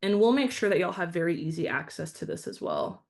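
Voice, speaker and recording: A woman's voice: lowish voice, very animated, brisk, creaky, a little mellow. Friendly woman leading a training. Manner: friendly, instructive, addresses audience as y'all. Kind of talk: online training presentation.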